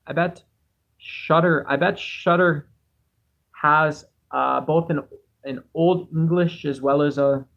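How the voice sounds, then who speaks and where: A man with a somewhat high voice hosts a relaxed livestream. He reads chat messages aloud and wanders from thought to thought, often putting himself down. He talks into a cheap home microphone. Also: takes it slowly, gravelly, highs cut off. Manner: rambling, musing, self-deprecating. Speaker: livestream host.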